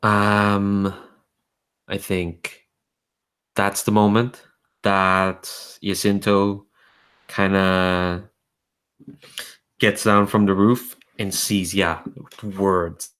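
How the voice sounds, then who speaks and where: A man's voice: low-pitched, extremely slow, pauses often, smooth. A man narrating a tabletop role-playing game as game master, casually thinking aloud. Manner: relaxed, thinking aloud with fillers.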